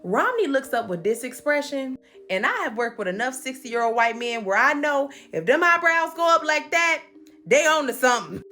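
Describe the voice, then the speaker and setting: A woman hosting a comedic recap, telling the story in a sassy, animated way with swearing asides. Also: high voice, normal speed, faint music behind.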